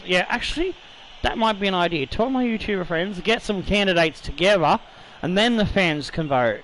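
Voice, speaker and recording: Man, tipsy, slightly slurring, high voice, rambling gaming chatter, casual swearing. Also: expressive, a little fast, a bit bright, poor audio. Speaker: gaming YouTuber host. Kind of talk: casual let's-play commentary.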